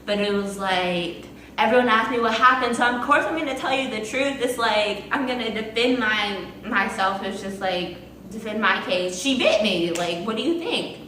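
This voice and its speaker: A young adult woman telling a casual storytime to the camera, chatty and animated with lots of fillers. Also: fairly high pitch, normal speed, far from the mic, slight background noise. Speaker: vlogger. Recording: echoey room from off-mic.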